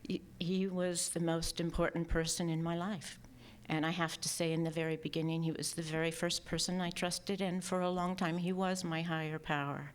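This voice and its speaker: Woman with a low voice, soft emotional memorial speech, half whispered at times. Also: level tone, moderate pace, few pauses, clean tone. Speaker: speaker at a memorial gathering. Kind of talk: personal remembrance speech.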